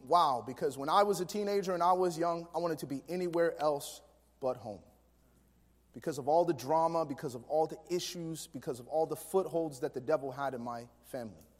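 A pastor with a high voice preaches a sermon, moving back and forth between quiet storytelling and emphatic preaching. A long reverb from a large hall trails his words.

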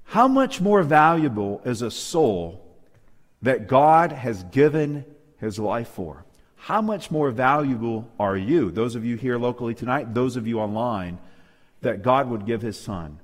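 A man's voice: mid-range voice, expressive, measured pace, big-room sound. A man preaching a Bible lesson to a live and online congregation, emphatic, asking rhetorical questions and calling for amens. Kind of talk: sermon-style Bible study. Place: church hall with live and online audience.

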